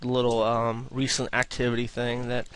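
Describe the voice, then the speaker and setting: A man's voice: mid-range voice, monotone, normal speed, a bit bright, a little hiss or hum. A young man answering viewer questions in a casual, rambling video, often repeating himself and restarting sentences.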